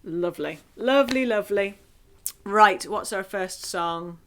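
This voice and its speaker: A woman leading a singing group through warm-up exercises, encouraging and playful, chanting rhythms and vocal sounds. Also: medium pitch, measured pace, a little hiss or hum.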